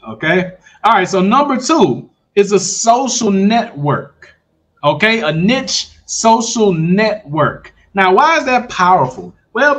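High-voiced man pitching to viewers. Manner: animated, talks straight to viewers with repeated check-ins. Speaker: online business coach. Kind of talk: casual livestream pitch.

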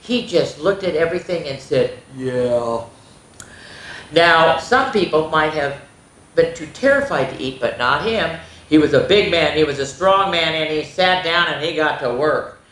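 A woman reading a spooky children's story aloud, expressive, with gasps and little asides to young listeners. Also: sits low, normal speed. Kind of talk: reading a spooky picture book aloud to kids. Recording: roomy echo.

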